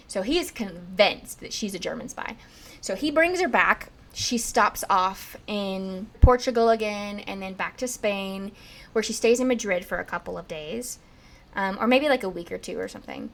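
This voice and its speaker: A woman's voice: medium pitch, normal speed, gravelly. A young woman casually telling a history story on a podcast, chatty and full of "like", acting out quotes. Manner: chatty, lots of "like", acts out quotes in lively bits.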